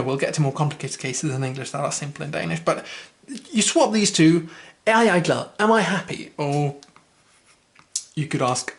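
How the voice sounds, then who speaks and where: Casual language tutor, mid-pitched, chatty, self-correcting, slows for examples. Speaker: language teacher. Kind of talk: casual spoken lesson.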